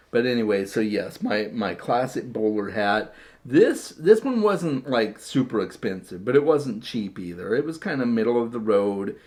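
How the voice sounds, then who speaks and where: A man talks casually to his camera with a middle-pitched voice. His speech is chatty and rambling, full of repeated words and self-deprecating asides. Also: lively intonation, moderate pace. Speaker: vlogger showing his hat collection.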